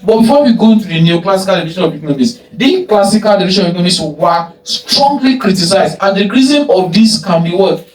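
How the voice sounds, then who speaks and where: A man teaching an economics lesson, who poses rhetorical "what?" questions, answers them himself and repeats key phrases. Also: high-pitched. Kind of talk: recorded lecture. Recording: echoey room, mic at a distance.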